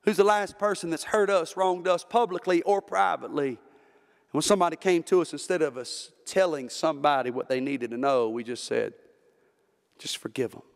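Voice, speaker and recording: A man with a Southern American accent preaching a fervent Baptist sermon from the pulpit, rising to shouts at the peaks. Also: fairly high pitch, fairly quick, vocal fry. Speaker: pastor. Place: church sanctuary. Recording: long church hall reverb.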